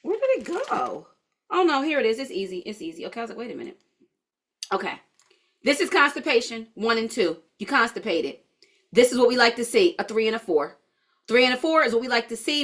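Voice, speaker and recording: A woman's voice: on the high side, pushed and bright. A woman leading a live-streamed holistic health class, chatty and blunt, answering viewer comments as she goes.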